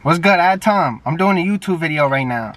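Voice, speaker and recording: Young new guy on a phone video chat, brash and cussing a lot, kinda high voice, sounds far from the mic. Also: expressive, a little fast, fairly bright tone. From New York. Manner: brash, profane, teasing. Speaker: YouTuber. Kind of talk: casual video chat with strangers. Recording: distant phone mic, faint background noise.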